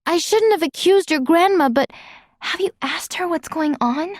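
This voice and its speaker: A woman voicing an earnest young girl who loves animals, in an eager, bright manner for an audiobook. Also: very high-pitched, normal speed, no echo, clean studio sound, pitched above the performer's own voice. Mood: apologetic. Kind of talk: audiobook character voice.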